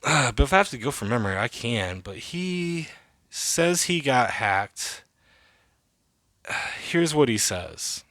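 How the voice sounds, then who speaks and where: A man's voice: mid-range voice, very animated, slow pace, sharp tone, dry recording. A man in his thirties hosting a casual solo podcast, rambling and swearing freely with lots of fillers. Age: 30s. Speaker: podcast host.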